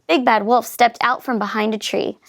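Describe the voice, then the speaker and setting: A woman's voice: a little high, moderate pace. Woman reading a picture book aloud. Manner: expressive, lively storytelling. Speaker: reader.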